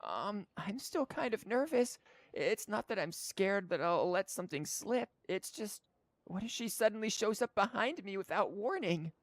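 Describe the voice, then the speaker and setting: Man doing a high, stammering nervous girl. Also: expressive, moderate pace, no room sound. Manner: stammering, flustered. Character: timid nervous young woman trainee.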